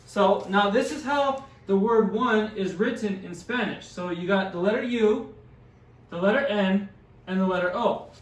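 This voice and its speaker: In an echoey room picked up by a distant mic, a Spanish teacher leads a classroom language lesson, patiently sounding out words and encouraging his students. His voice sits high and moves at a moderate pace.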